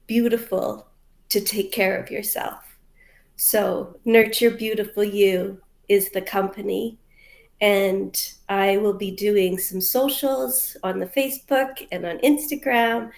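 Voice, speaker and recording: A woman's voice: medium pitch, steady tone, slow, creaky. A woman from Canada, a mental health coach, answering interview questions in a hesitant, heartfelt way full of fillers over a video call.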